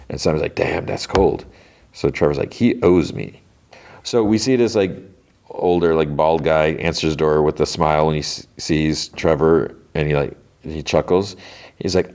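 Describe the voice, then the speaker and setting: A man hosting a podcast casually recaps a TV episode, loosely retelling scenes and quoting characters with "he's like." His voice is low and rumbling, with a darkish tone and a moderate pace.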